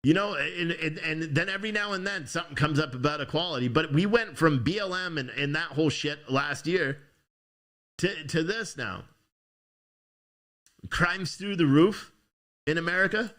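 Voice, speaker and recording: A man's voice: on the high side, moderate pace, a bit bright. A young man hosting a news show, ranting angrily with swearing and frequent restarts. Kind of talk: angry political commentary.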